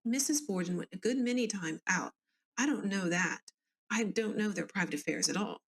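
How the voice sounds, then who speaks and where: A woman's voice: medium pitch, moderate pace, creaky, lightly acted. A woman with a Southern US accent reading the testimony of an older woman neighbor at an inquest, plainly and politely.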